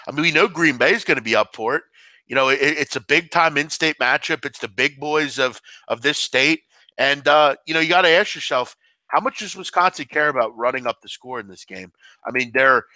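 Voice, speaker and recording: A man hosting a sports betting show, talking picks in an animated, excitable way full of shout-outs. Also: medium pitch, no room sound. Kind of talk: betting analysis chat.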